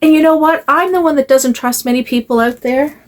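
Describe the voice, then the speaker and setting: A woman's voice: high voice, brisk, slight background noise. An older woman, a doll collector, chatting casually to camera in a rambling, conversational way. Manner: rambling, talks to her doll in a cooing voice.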